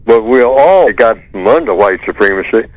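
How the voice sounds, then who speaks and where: A man's voice: lowish voice, lively intonation, moderate pace, dry recording. A man speaking as a guest on a talk radio show, emphatic and repeating his points with rhetorical questions. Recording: dull lo-fi line, dry.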